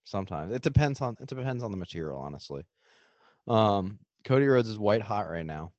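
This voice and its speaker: A man's voice: on the low side, expressive, a little fast, a little mellow, no room sound, dull audio. A young man co-hosting a casual podcast, teasing his friends and laughing between wrestling predictions. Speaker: podcast co-host. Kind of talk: casual chat.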